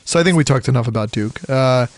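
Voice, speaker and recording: A man from the Philadelphia area chatting casually about college basketball, rambling and animated, often acting out quotes. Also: mid-range voice, quick pace, dry recording. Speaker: podcast co-host. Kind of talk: casual sports chat.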